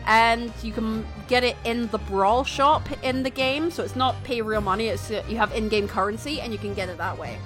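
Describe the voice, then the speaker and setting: A Scottish woman streaming a game, chatty and animated, swearing casually as she reads dialogue aloud. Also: on the high side, normal speed, few pauses. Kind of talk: live game playthrough, reading dialogue aloud. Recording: game music playing underneath.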